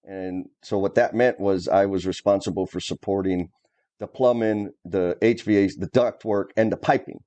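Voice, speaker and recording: Middle-aged man, co-host; mellow, blunt storyteller with a casual, cursing edge. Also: deep voice, fairly even intonation, moderate pace. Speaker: co-host, former plumbing superintendent. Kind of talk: casual conversation.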